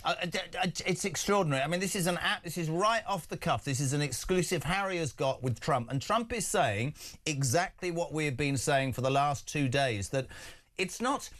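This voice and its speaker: A man's voice: on the high side, animated, normal speed, fairly bright tone. Combative male talk radio presenter. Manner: combative, rousing, addresses co-host directly.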